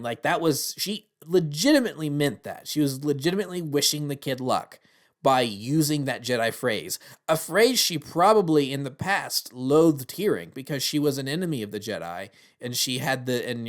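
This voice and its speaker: A man giving a casual spoken review of a TV series. He talks earnestly and rambles. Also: medium pitch.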